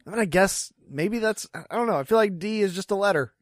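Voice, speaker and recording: A man co-hosts a casual podcast chat in a voice a bit higher than most. He sounds chatty and laughs often, and the sound is close and dry. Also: fairly quick, no room sound. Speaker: podcast co-host.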